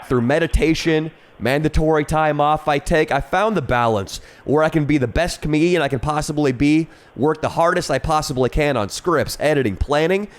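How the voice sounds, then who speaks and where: A man's voice: fairly high pitch, normal speed, few pauses. Brash, profane male podcast co-host. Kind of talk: comedy podcast chat.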